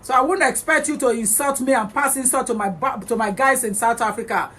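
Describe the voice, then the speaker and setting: Her voice is fairly high, brisk, a bit bright and slightly rough. The livestream host, born in England with a Nigerian Yoruba-English accent, is scolding viewers in a heated rant, going back and forth between English and Yoruba.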